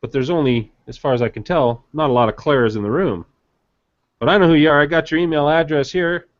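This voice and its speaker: A man's voice: a little high, fast, dull audio. A man co-hosting a live webinar, casual and hesitant, with many fillers as he reads out winners. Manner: hesitant, many fillers while reading names. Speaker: webinar co-host.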